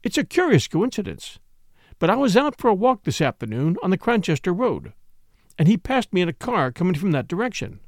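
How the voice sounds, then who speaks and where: A bossy, opinionated middle-aged gossip who lectures everyone at the table, as a male reader puts her on. Her voice sits high and swoops widely in pitch. The reading is close and dry. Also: big pitch swings, a little fast, no room sound. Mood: eager. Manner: insistent, lecturing.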